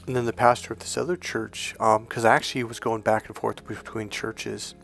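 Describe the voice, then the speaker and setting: A man's voice: fairly low pitch, level tone, brisk, gravelly, a bit bright, faint music behind. A man, a coach, telling a personal story in an earnest, rambling way, often correcting himself mid-sentence. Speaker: dating and healing coach.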